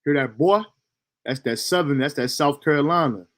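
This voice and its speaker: A man talks over clips in a relaxed, conversational way, full of slang. His voice sits a little on the high side. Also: normal speed. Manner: laid-back, conversational, slangy. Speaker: reaction video host. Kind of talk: casual reaction commentary.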